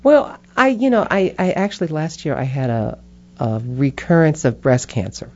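A woman guest in an interview, telling stories in a reflective, animated way and acting out voices. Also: sits low, normal speed. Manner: expressive, animated, acts out inner voices. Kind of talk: reflective conversational storytelling. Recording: dull muffled interview audio.

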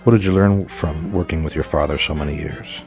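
A man interviewing a guest, asking short, soft questions. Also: very deep voice, fairly even intonation, brisk, creaky. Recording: dull muffled audio with faint music.

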